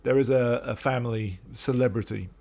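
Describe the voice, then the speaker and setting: Middle-aged man, London accent, modest and a bit awkward, mid-pitched, podcast co-host. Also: moderate pace, creaky, darkish tone. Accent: London English. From North London, England. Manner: modest, slightly awkward storyteller. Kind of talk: casual chat.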